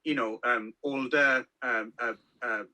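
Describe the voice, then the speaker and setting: A man's voice: medium pitch, fairly even intonation, a little slow, bright, forceful tone. A man co-hosting a casual film review podcast, rambling with lots of ums and restarts. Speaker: podcast co-host.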